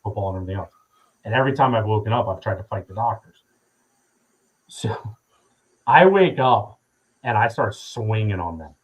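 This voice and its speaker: A man's voice: on the low side, lively intonation, normal speed, long pauses, lo-fi sound. A man in his thirties, a podcast guest, telling a story casually with lots of swearing and fillers. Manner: profane, rambling with many fillers.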